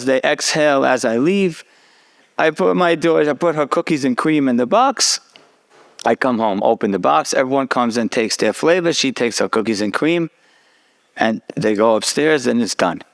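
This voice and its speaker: A man's voice: on the high side, creaky. A middle-aged man, a rabbi, telling a personal story in a sermon and acting out the dialogue. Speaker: rabbi giving a talk.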